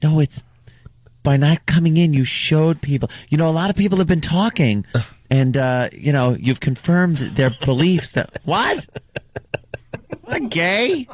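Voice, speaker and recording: A man's voice: on the high side, moderate pace, darkish tone. A man co-hosting a comedy radio show, riffing on bits and laughing as he goes.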